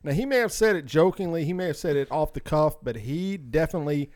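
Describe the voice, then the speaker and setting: A young adult man co-hosting a casual podcast, talking in an animated, exclaiming way and acting out quoted voices. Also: a little high, fast talker. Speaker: podcast co-host.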